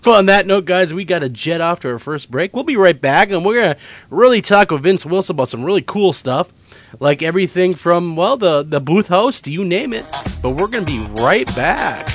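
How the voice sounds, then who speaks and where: A man's voice: sits high, expressive, dry recording, faint music behind. A man hosting a radio talk show, joking and laughing through casual studio banter. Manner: laughing, joking, quick to react.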